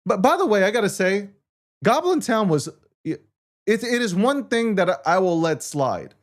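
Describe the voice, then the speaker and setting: A male host riffs through casual market talk, cursing freely and laughing at his own losses. His voice sits a little high and leaps up and down with lively swings of pitch. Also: normal speed. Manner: profane, animated, self-mocking rants. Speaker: show host.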